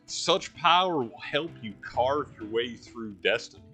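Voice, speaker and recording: A man voicing a cryptic male ring spirit, drawling like a surfer dude and speaking slowly and solemnly. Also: medium pitch, lively intonation, sharp tone, slightly rough, faint music behind, full character voice.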